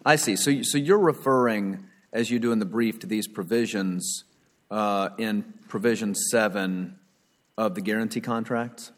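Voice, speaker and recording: A man's voice: fairly low pitch, a little slow, long reverb tail. A man questioning a lawyer from the bench, probing and tentative, repeating words as he thinks. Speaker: appellate judge. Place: courtroom.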